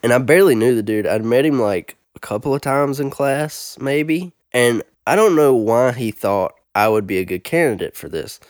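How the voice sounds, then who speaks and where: A man's voice: medium pitch, lively intonation, moderate pace, hardly any pauses, no room sound, clean studio sound. A young man, a podcast co-host, telling a funny college story in casual chat and laughing often.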